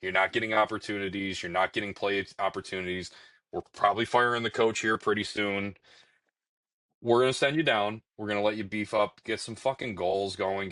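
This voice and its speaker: A young man rants on a casual podcast, swearing often and sounding fed up with his team. His voice sits at an ordinary pitch, and it is recorded close and dry with no room sound. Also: steady tone, normal speed, pushed and bright, dry recording, poor audio. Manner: profane, ranting, exasperated. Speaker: podcast co-host. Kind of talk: casual chat.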